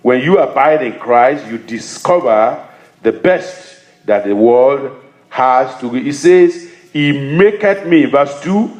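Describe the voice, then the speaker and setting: A man's voice: medium pitch, expressive, slow, darkish tone, roomy sound. A man preaching a sermon as pastor, reading scripture and asking his congregation questions he answers himself.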